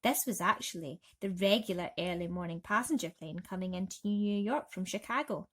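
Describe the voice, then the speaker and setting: A woman reading a bedtime story aloud in a gentle, soothing way. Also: fairly low pitch, a little fast.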